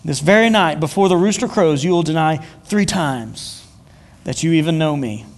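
Jesus, as a preacher voices him, high and echoing. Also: male voice, normal speed, close to an everyday voice. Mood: solemn. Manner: plain conversational retelling in the preacher's own voice. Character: Jesus, a grown man teaching his followers. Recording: long hall reverb.

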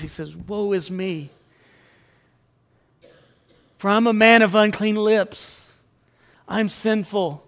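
High-voiced preaching man in a reverberant hall. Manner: earnest preaching, rising to fervent appeals. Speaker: pastor. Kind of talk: sermon.

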